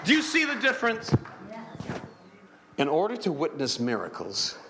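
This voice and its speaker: A man preaching a sermon in a church, animated, acting out characters and calling for amens. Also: on the high side, normal speed, vocal fry, background noise. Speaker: pastor.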